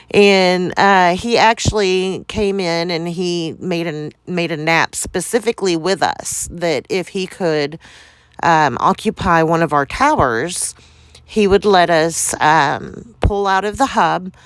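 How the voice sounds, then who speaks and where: A game community member recounts events in a smooth, clean, lowish voice, recorded dry and close. Slightly out of breath, she rambles at an unhurried pace, full of fillers, frequent laughter and candid swearing.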